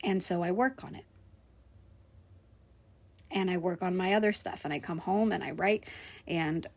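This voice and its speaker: A server shares her story candidly on a vlog in a husky, lowish voice at a moderate pace. She swings between loud frustration and hushed, quiet moments.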